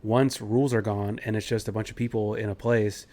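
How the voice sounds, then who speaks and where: A man's voice: fairly low pitch, little pitch movement, fairly quick, warm tone. A man co-hosting a book podcast in casual chat, full of loose fillers. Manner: casual, many fillers like "like" and "you know". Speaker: podcast co-host.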